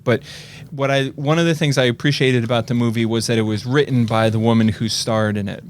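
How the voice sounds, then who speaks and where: A man's voice: mid-range voice, steady tone, brisk. A man hosting a film podcast, talking casually and enthusiastically about movies. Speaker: podcast host. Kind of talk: casual chat.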